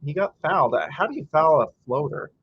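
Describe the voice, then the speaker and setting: A man's voice: a little high, animated, brisk, vocal fry, highs cut off, slight background noise. A man hosting a casual live game-watch stream, chatty and reading viewer comments aloud, breaking into frustrated rants. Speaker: livestream host.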